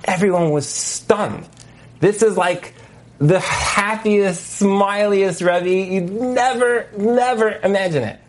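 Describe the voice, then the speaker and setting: A man teaching as a marriage coach in a lecture over a video call, telling stories with lively asides and many fillers. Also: sits high, slow. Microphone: video call mic.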